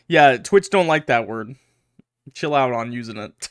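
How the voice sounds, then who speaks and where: Jokey streamer reacting to a game. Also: male voice, medium pitch, expressive, a little slow, no echo, studio quality. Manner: jokey, loud reactions, reads aloud dramatically. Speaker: gaming streamer. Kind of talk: playthrough commentary.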